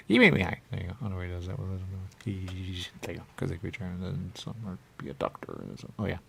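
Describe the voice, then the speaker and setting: A man with a very low, gravelly voice rambles through a comic radio chat, circling back to the same phrases. Faint noise sits behind him. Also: big pitch swings, a little fast. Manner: rambling, repeats "there you go", jumps into silly voices. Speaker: radio show host.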